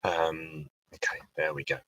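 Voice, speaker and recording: A man's voice: low voice, moderate pace, pushed and bright, poor audio. A man hosting a casual livestream, chatty and reading out viewer questions. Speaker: radio host. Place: indoor home livestream.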